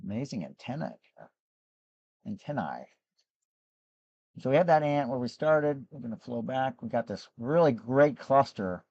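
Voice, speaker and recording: A hoarse man, losing his voice, hosts a live gem and fossil sales show in a rambling, chatty way with frequent restarts. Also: medium pitch, normal speed, few pauses, darkish tone, no echo, lo-fi sound. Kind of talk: casual live-stream sales chat.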